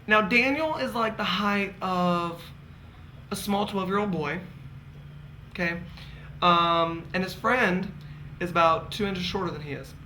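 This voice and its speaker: A man's voice: sits high, measured pace, pauses often, sharp tone, slight background noise, poor audio. A man telling candid, campy stories to friends as a casual vlog, laughing often. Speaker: vlogger. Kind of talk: casual gossipy storytelling.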